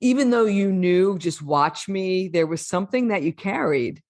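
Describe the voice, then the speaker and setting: A woman's voice: medium pitch, animated, moderate pace, a little mellow, no room sound, clean studio sound. A woman podcast host asking a guest questions and reflecting back on what she shared in a reassuring, affirming way. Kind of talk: interview conversation.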